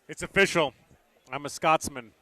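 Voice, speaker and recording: A man's voice: fairly high pitch, normal speed, fairly bright tone, dry recording. A man hosting a casual sports radio show live from a busy pub, upbeat and talkative. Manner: upbeat, talkative, plugs the bar between sports talk. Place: busy pub, remote broadcast.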